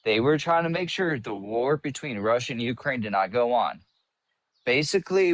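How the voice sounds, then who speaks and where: A man's voice: medium pitch, animated, moderate pace, no echo. A young man calling into a livestream debate, combative and swearing, often talking over the other speaker. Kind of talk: heated casual debate.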